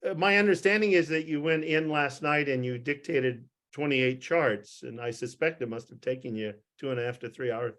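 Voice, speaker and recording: An older man voicing his tactful female office manager as he quotes her, gently leading him toward bad news. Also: medium pitch, moderate pace, hardly any pauses, close to an everyday voice. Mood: gently probing.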